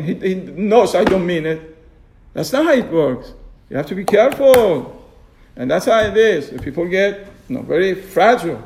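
High-voiced man giving a Torah class. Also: sing-song, normal speed, creaky, noisy background. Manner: chuckling, asks rhetorical questions, acts out quoted excuses. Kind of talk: informal Torah lesson on radio.

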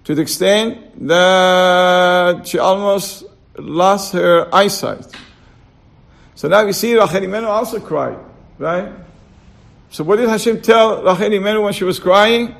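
Man, religious teacher, high-pitched voice, gravelly edge, casual lecture, rhetorical questions, repeats himself. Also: measured pace, a bit bright. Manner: keeps asking rhetorical questions and repeating words; checks on listeners with short asides. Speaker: Torah teacher.

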